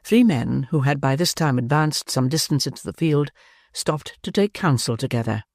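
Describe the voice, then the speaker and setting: A man narrating an audiobook of a classic novel with a measured, expressive reading. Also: medium pitch, no room sound, studio quality. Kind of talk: scripted narration.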